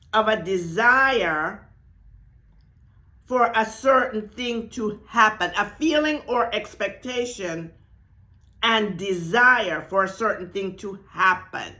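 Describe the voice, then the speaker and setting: A woman hosting a spiritual talk, speaking slowly and emphatically, repeating key phrases and checking in with viewers. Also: medium pitch, sharp tone. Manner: addresses viewers directly with "right?" and "y'all". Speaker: spiritual channel host. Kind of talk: teaching talk to camera.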